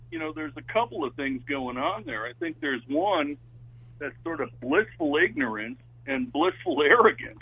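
Male radio regular, gravelly husky voice, lively pitch, phone-thin sound. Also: moderate pace. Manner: rambling, lively ups and downs. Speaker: regular radio show contributor. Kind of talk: casual radio chat. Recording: phone-like narrow line.

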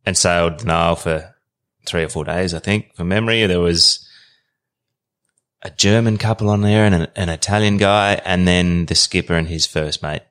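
This Australian man in his thirties, a guest on a podcast, spins a long, rambling travel yarn in an easygoing way. His voice is deep and a bit bright, with a clean tone, and he talks at a normal speed.

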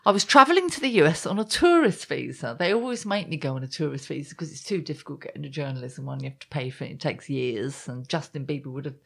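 A woman's voice: sits low, lively intonation, fast, vocal fry, few pauses, breathy edge. A woman in her fifties, co-hosting a casual chat and telling self-mocking stories in a wry way. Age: 50s. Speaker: podcast co-host.

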